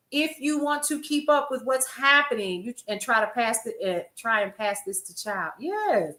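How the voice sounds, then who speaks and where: An older woman hosts a casual news stream from an echoey room. Her voice sits a little high, and she talks to her viewers in a chatty, laughing way. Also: bright, forceful tone. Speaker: host. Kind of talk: casual livestream news commentary.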